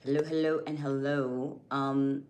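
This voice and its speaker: A woman's voice: very deep voice, flat delivery, a little slow, a little mellow. A young adult woman hosting a casual live stream, chatting with viewers by name, her voice slightly strained and going. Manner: chatty, greets viewers by name, restarts sentences. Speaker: livestream host.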